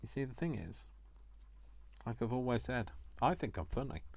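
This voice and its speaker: A man's voice: mid-range voice, sing-song, moderate pace, vocal fry. A man chatting to viewers while crafting, joking at his own expense. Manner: self-mocking, jokey asides to viewers. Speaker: craft vlogger.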